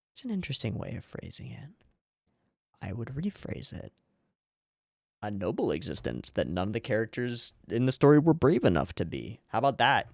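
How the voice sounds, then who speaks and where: A man talking through an anime episode in loose, casual commentary, his pitch swooping up and down as he gets excited. He rambles, restarts and swears without a second thought. The sound is close and dry, with no room around it. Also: normal speed, creaky, pauses often, dry recording. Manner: animated, rambling, swears freely. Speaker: anime reaction channel host.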